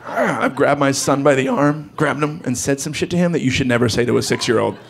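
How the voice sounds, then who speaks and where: A man doing stand-up comedy, telling a story and acting out voices in a loud, animated way. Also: mid-range voice, a little fast, creaky. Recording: comedy club with crowd laughter. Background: audience laughter.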